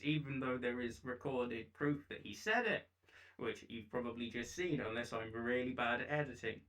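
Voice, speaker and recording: A man narrating a commentary video in a dry, sarcastic, deadpan way. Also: medium pitch, far from the mic, rough recording.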